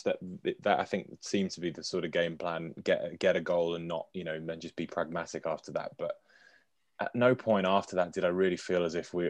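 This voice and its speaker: A man's voice: sits low, darkish tone, no echo. A man hosting a casual football podcast, talking with many restarts and sighs. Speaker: podcast host.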